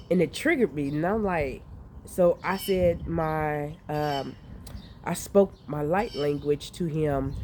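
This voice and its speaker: A woman vlogger telling a story in a casual, animated way, swearing freely and laughing often, recorded outdoors. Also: low-pitched, slight background noise. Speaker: vlogger recounting dreams. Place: outdoors in light rain. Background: rain and outdoor ambience.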